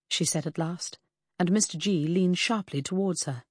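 A woman narrating an audiobook in the first person, measured and composed. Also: on the low side, slightly rough, no room sound, clean studio sound.

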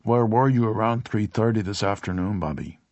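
A man voicing a stern middle-aged police officer who questions slowly and firmly. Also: fairly low pitch, a little mellow, no echo, highs cut off, natural voice. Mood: questioning. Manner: firm, probing, deliberate. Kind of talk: audiobook character voice.

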